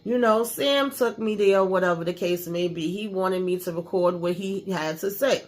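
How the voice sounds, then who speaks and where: A woman's voice: fairly low pitch, moderate pace, few pauses. A woman hosting a casual TV episode recap, sassy, ranting and swearing freely. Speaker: host of a TV recap channel.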